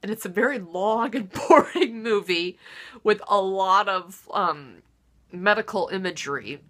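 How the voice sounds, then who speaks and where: A woman hosts her own comedy show, her voice bright and forward. She rants in a self-mocking monologue, jumping from loud theatrical outbursts to low muttered asides. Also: unhurried. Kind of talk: deadpan self-deprecating comic monologue.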